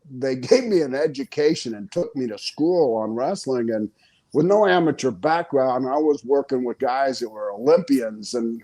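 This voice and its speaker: An older man who is a guest on an interview podcast, telling stories in a casual, animated way, chuckling often and acting out the quoted voices. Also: mid-range voice. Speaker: interview guest, retired pro wrestler.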